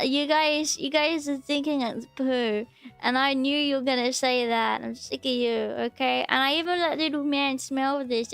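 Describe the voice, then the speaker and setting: A woman streaming as a VTuber, chatting playfully while she bakes and teasingly scolding her viewers. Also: no room sound. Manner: playful, mock-scolding chat with sudden squeaky outbursts. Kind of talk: casual stream chat.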